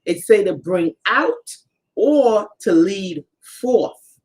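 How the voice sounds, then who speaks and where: Speaking directly to viewers, a spiritual channel's female co-host explains emphatically during a live stream. Her mid-range voice is expressive with a darkish tone, and she stretches out her words.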